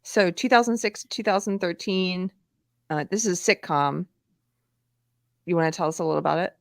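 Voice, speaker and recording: A woman's voice: lowish voice, moderate pace, gravelly, no echo, studio quality. A woman hosting a casual chat show, friendly and self-deprecating, laughing along with her guests. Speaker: host.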